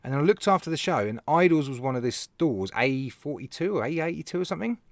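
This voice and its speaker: A British man chats casually to his live-stream viewers, his voice sitting a little high and swinging up and down as he tells his stories. He laughs often and calls out to people by name. The sound is dry, with no room echo. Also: expressive, fast. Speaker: live show host, vape reviewer.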